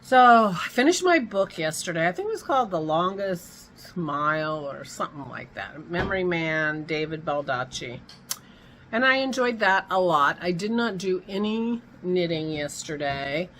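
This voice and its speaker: A woman's voice: fairly low pitch, expressive, moderate pace, a bit bright, a little hiss or hum, poor audio. A woman hosting a casual home vlog, chatting in a rambling way and breaking off mid-thought, with hiccups. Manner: rambling, chatty, self-interrupting. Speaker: vlog host.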